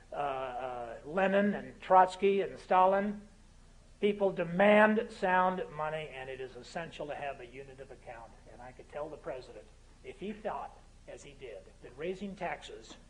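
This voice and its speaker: A man in his fifties giving a political speech in a university lecture hall, building to fervent, emphatic crescendos between humorous asides. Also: fairly high pitch. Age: 50s. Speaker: guest speaker.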